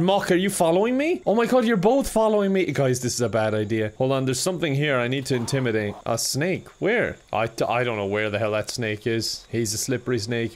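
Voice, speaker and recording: An excitable man hosting a let's play, laughing often and mocking himself as he plays. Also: fairly high pitch. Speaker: gaming host.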